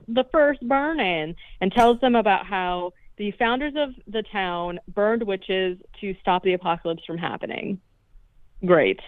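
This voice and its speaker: A woman's voice: medium pitch, no echo. A woman co-hosting a podcast, casually retelling a movie's plot and swearing as she goes. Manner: swearing, jokey retelling with quoted lines. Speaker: podcast co-host. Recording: dry tinny phone-like line.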